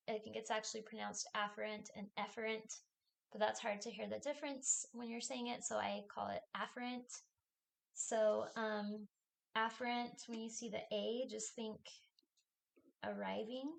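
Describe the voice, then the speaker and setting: A woman's voice: on the high side, vocal fry. A woman instructor giving a recorded lecture, talking through a diagram step by step in a plain, explanatory way.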